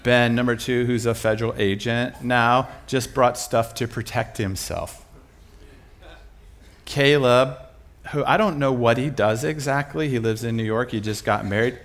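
A middle-aged man preaching with a lively, self-mocking storytelling delivery. His voice sits at an ordinary male pitch, and he often breaks into laughter as he goes. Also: measured pace. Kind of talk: humorous sermon storytelling.

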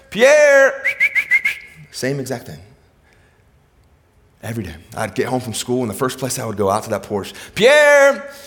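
A man preaching a sermon, telling stories that sink to a hushed low voice and then rise into emphatic, raised delivery. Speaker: pastor. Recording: hall reverb.

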